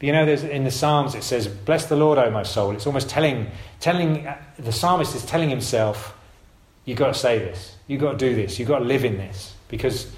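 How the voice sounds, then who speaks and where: Recorded with a roomy echo, a man preaches an informal sermon to his congregation in a mid-range voice at a moderate pace. His delivery is conversational and emphatic, with frequent self-corrections.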